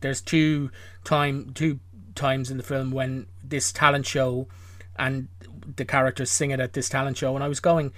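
A man's voice: medium pitch, flat delivery, moderate pace, dry recording. A man co-hosting a podcast, rambling and wryly incredulous. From Ireland. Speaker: podcast co-host. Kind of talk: casual chat.

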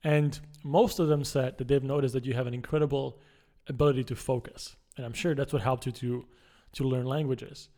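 A man's voice: mid-range voice, fairly even intonation, a little fast, warm tone. A man hosting an interview podcast, asking his guest questions in a friendly, curious way. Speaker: podcast host. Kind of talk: casual interview chat.

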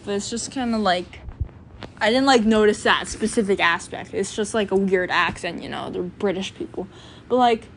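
A chatty young-sounding woman talks on and on, stacking fillers and trying out speech sounds aloud. Her pitch sits in a middle range, and a faint hiss runs under the recording. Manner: chatty, filler-heavy, sounds out phonetic examples. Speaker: student vlogger. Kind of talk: casual rambling monologue.

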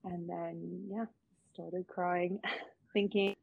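A woman's voice: mid-range voice, steady tone, a little slow, dry recording. A woman in her thirties, a child protection worker, candidly telling a personal story on a group call with casual fillers and some swearing. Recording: dull lo-fi call audio.

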